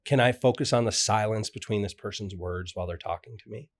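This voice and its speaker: A man who works as a coach, a podcast guest speaking in a measured, teacherly way with rhetorical questions. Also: on the low side. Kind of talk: podcast interview.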